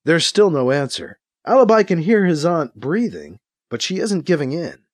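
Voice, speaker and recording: Male audiobook narrator, measured, lively pitch, dry booth sound. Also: no echo. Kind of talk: scripted narration.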